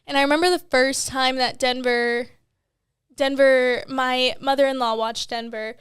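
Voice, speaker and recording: A woman's voice: sits high, fairly even intonation, unhurried, fairly bright tone, clear, resonant tone, no echo. A young woman and new mom co-hosting a podcast, rambling candidly with lots of "like" and casual swearing. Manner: rambling, heavy on "like", swears freely.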